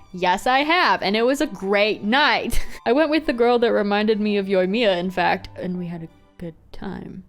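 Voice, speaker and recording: Chatty young woman gaming host. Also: medium pitch. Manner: chatty, frequent "like" fillers, laughs often. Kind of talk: casual gaming commentary. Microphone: studio microphone.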